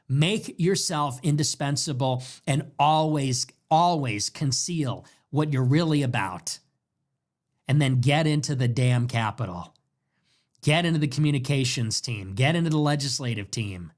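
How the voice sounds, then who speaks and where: A man's voice: medium pitch, lively intonation, a little slow. A man hosting a livestream, delivering an emphatic, repetitive, commanding monologue. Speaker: political livestream host. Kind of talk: monologue commentary.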